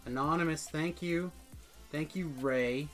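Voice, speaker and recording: A young man streaming a game, joking excitedly with friends, loud one moment and mumbling the next. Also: fairly high pitch, a little slow, soft background music. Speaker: live streamer. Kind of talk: casual stream chat during gameplay.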